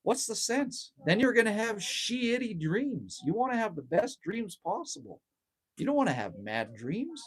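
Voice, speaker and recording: This middle-aged Canadian man speaks in a high, sing-song voice that's slightly rough, at a measured pace. He's hosting a casual phone livestream outdoors at a cabin, rambling, ranting, cursing freely and reading out comments from viewers.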